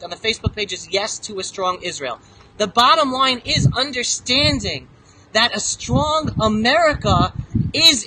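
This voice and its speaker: A speaker outdoors making an earnest, persuasive pitch for a program to a group. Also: pushed and bright, slight background noise, poor audio.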